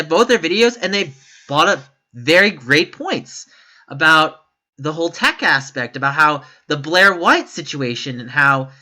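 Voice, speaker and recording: Pushed and bright, this man's fairly high voice drives his opinion commentary in a YouTube vlog. His delivery is emphatic, rambling, and self-correcting, punctuated by abrupt exasperated outbursts.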